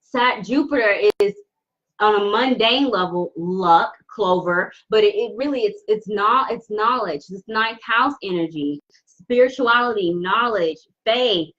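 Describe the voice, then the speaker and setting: A woman giving a live tarot reading, talking slowly with many restarts as she holds back tears. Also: mid-range voice, dull audio. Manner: warm, emotional, halting with many restarts. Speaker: tarot reader. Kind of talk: live-stream card reading.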